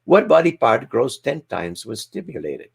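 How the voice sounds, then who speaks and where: A man's voice: medium pitch, huge pitch swings, moderate pace, gravelly, slightly rough, full character voice. A man doing a stern, scolding schoolteacher. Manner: stern, mock-scolding lecture.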